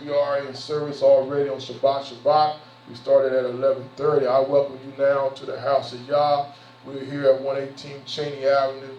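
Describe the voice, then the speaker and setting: A man's voice: mid-range voice, darkish tone, slight background noise. A man, a bishop addressing his church service in a preachy, conversational, repetitive way. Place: church sanctuary. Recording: roomy, distant, dull church recording.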